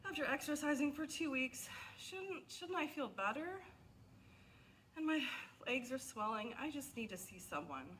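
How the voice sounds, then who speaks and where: A woman's voice: high-pitched, big pitch swings, moderate pace, a bit bright, slight background noise, pitched above the performer's own voice. A woman acting out a worried patient who is out of shape and anxious about her heart, talking in a fretful, pleading way. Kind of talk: student skit role-play.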